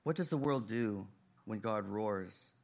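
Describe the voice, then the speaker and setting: Male pastor, slow deliberate sermon delivery, dramatic swings from loud to hushed. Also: lowish voice, expressive, vocal fry.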